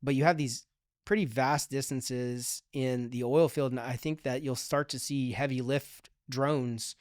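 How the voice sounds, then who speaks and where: A man with a smooth, resonant voice speaks as a guest on a casual podcast. He thinks aloud in long, upbeat runs, full of fillers and restarts, and the sound is close and dry. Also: medium pitch, steady tone, measured pace, no echo. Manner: upbeat and forward-looking. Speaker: podcast guest, digital strategy manager.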